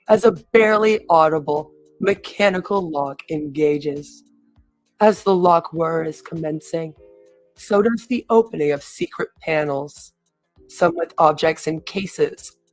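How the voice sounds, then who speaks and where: A woman reading a story aloud on a stream, in a theatrical manner, sometimes breaking off to comment on her own reading. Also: low voice.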